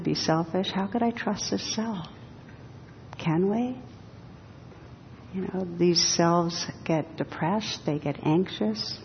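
A woman giving a dharma talk as a meditation teacher, speaking slowly and reflectively with touches of gentle humor. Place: hall with a live audience. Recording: reverberant hall, dull sound, faint rumble.

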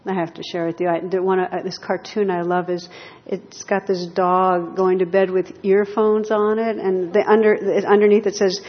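A woman meditation teacher giving a gentle, reflective dharma talk to a group in a hall. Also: mid-range voice, level tone, normal speed, few pauses. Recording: lo-fi hall recording with long reverb.

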